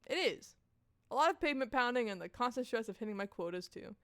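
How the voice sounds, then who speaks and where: A woman's voice: a little high, expressive, quick pace, a bit bright, no room sound, studio quality. A woman voicing a businesslike woman sales executive in a dating game, talking matter-of-factly.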